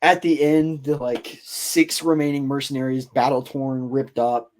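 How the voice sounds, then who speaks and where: Hosting a podcast, a man casually tells a loose, rambling story packed with fillers. His medium-pitched voice has a darkish tone and fairly even intonation, and he talks a little slowly.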